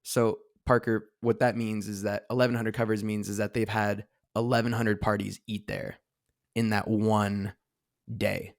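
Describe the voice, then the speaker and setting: Seated across from his co-host in the studio, a man with a rather low, gravelly voice talks flatly at normal speed. He rambles through the casual podcast with plenty of fillers and restarts, captured in a dry, studio-quality recording.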